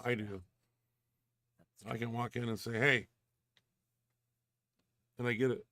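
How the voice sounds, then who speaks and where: A man's voice: mid-range voice, steady tone, slow pace, sharp tone, no room sound. A man hosting a powerlifting show, bantering casually with dry, teasing humor.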